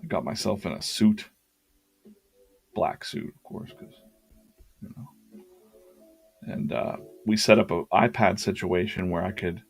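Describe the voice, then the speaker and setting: Male streamer-artist, rough gravelly voice, casual rambling storyteller, faint music underneath. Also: low voice, steady tone, measured pace, long pauses. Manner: rambling, anecdotal, many fillers and restarts. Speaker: artist hosting a live drawing stream.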